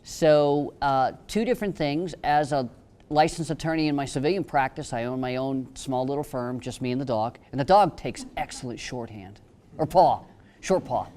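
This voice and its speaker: A man's voice: medium pitch, moderate pace, darkish tone. A man speaking on a panel, telling wry stories and cracking jokes about his work. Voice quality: joking, storytelling. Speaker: panelist, attorney. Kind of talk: humorous panel talk.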